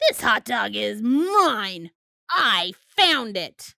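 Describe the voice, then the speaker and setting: A woman's voice: high voice, very animated, slow pace, bright, forceful tone, no echo, clean studio sound, heavily acted. A woman voicing a possessive, easily exasperated male pigeon in a storybook read-aloud. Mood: grumpy. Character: greedy, fussy male pigeon.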